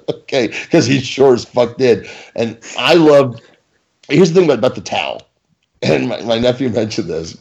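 A man in casual chat about wrestling, profane and animated, slipping into mock-indignant banter. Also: mid-range voice, moderate pace, creaky, long pauses, slightly rough, highs cut off.

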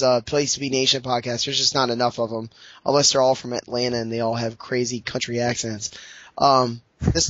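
A man from New Orleans co-hosting a sports podcast, talking in a rambling, jokey way with quick asides. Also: mid-range voice, fairly bright tone, no room sound, dull audio. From New Orleans, Louisiana. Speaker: podcast co-host. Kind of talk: casual sports podcast chat.

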